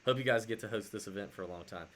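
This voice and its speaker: A man co-hosting a casual sports podcast, telling animated stories with lots of fillers and restarts. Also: lowish voice, rapid-fire. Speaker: podcast co-host.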